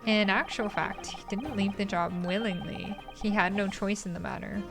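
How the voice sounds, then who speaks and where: A woman reading a gruff male prison governor, slow and clipped, with game music behind. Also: medium pitch, fairly even intonation, pitched below the performer's own voice, natural voice.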